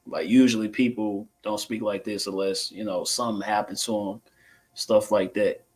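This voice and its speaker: A man's voice: on the low side, fairly even intonation, moderate pace. A man hosting a casual interview, laid-back and a bit hesitant, asking questions with fillers and restarts. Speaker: interview host.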